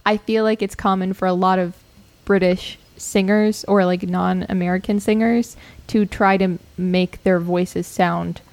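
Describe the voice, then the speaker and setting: A woman's voice: medium pitch, fairly even intonation, a little slow, a little mellow, dry recording. A woman hosting a podcast with her sisters, chatting casually and often correcting herself mid-sentence. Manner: chatty, self-correcting, giggly. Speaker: podcast host. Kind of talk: casual chat among siblings.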